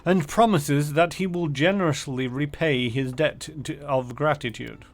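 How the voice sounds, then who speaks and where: A man's voice: on the high side, a little slow. A man voicing a dutiful royal advisor reporting to the ruler in a game. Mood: urgent. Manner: dutiful, reading aloud.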